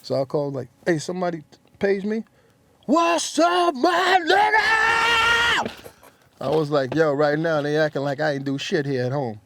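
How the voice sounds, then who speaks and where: A man's voice: fairly high pitch, fast talker, noisy background. A middle-aged man, a rapper telling stories in an interview and acting out what others said. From New York. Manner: acts out quotes in lively voices. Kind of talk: animated storytelling.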